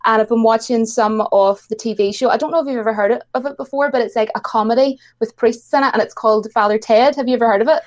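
Young woman, Irish accent, rapid chatty delivery, slightly high voice, giggly. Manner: chatty, giggly, fast storytelling with many fillers. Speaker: guest YouTuber. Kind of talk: casual chat.

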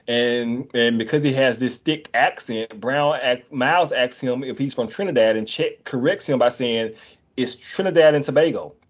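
A man's voice: mid-range voice, moderate pace, few pauses. Male podcast host, laid-back and easygoing, casual chat, muffled lo-fi recording. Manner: laid-back, laughs easily. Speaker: podcast host recapping an episode. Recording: dull lo-fi sound.

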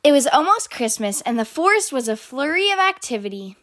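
High-voiced woman reading a children's story. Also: fairly quick, no echo, studio quality. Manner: expressive, animated storytelling. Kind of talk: reading a picture book aloud.

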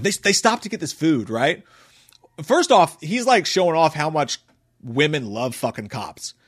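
A man casually recapping a movie in a rambling, profane, enthusiastic way. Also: mid-range voice. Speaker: movie reviewer.

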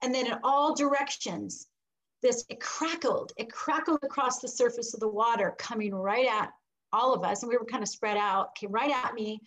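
A woman's voice: on the high side, normal speed, background noise. A middle-aged woman, a guest in an interview, telling a personal story with animation and acting out the voices she quotes. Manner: animated, acts out quoted voices, laughs between lines.

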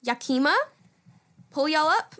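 A woman's voice: sits high, unhurried, pushed and bright. A woman co-hosting a casual chat show, giggly and swearing freely. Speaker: co-host.

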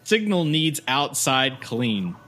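A man voicing a dim-witted, childlike hulking creature who talks in slow, broken phrases about himself. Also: mid-range voice, sing-song, sharp tone, a little hiss or hum, exaggerated voice. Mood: pleading.

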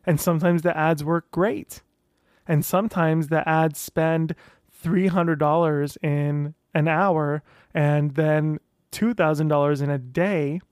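Man, casual vlog monologue, a touch high, lively with quoted asides, dry close mic. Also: takes it slowly, dry recording. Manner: animated, self-talking, acts out quoted voices. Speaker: vlogger sharing weight-loss surgery journey.

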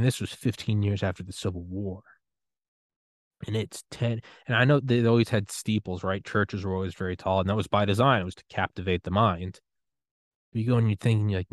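A young man hosting a podcast, giving a rambling, excitable solo rant full of swearing and trailing restarts. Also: on the low side, no room sound. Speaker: podcast host.

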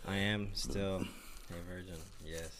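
A man's voice: sits low, fairly even intonation, a little slow, background noise. A young man hosting a podcast, answering with short reactions and easy laughs. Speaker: podcast host. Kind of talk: casual chat.

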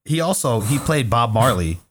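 A man's voice: medium pitch, sing-song, moderate pace. A young man co-hosting a podcast, telling stories in a laid-back, teasing way with plenty of swearing. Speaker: podcast co-host. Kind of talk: casual podcast banter.

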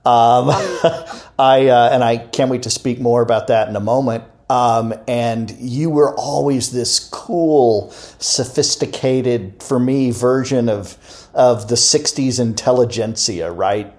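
Man hosting an interview, halting speech. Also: medium pitch, a little mellow. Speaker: podcast host.

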